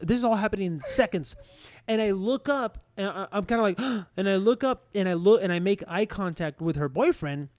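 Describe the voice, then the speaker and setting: A man's voice: high voice, brisk, no room sound. Rambling young man telling a story. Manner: rambling, animated retelling with many fillers and restarts. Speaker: podcast co-host. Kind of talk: casual storytelling.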